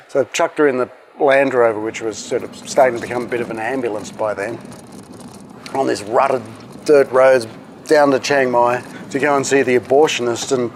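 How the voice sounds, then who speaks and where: A man telling stories from his past in a casual, lively way, acting out what people said to him. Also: medium pitch, moderate pace. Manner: animated, acts out dialogue in the retelling. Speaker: interviewee recounting past events. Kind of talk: casual storytelling.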